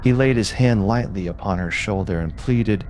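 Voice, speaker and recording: Low-voiced man reading ghost stories. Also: moderate pace, a little mellow, a little hiss or hum. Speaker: narrator. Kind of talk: storytelling for sleep.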